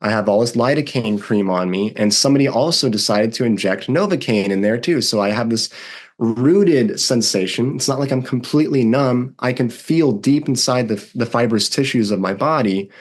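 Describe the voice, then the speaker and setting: A young man, a podcast guest, vividly retelling a personal story and acting out what others said. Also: lowish voice. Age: young adult. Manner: vivid, animated retelling with acted-out quotes. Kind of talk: storytelling in a conversation.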